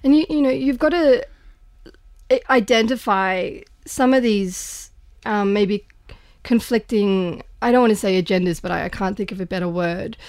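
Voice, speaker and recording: A woman's voice: medium pitch, normal speed, darkish tone, no room sound. A woman co-hosting a podcast, speaking earnestly and thoughtfully, often restarting her sentences. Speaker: podcast co-host. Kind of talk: casual podcast discussion.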